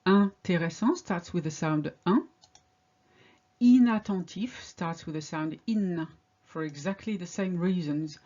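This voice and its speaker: A woman talks through a pronunciation lesson at an unhurried, careful pace, setting out each example word on its own. Her voice sits a little low and comes through a slightly dull, lo-fi recording. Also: mellow. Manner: slow, deliberate word-by-word drilling. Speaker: French teacher.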